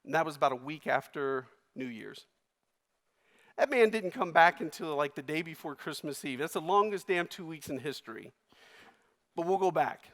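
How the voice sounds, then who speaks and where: A man giving a keynote speech, telling a personal story with emotion, his voice swinging between loud and hushed. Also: on the high side, animated, moderate pace. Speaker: keynote speaker. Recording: long reverb of a large hall.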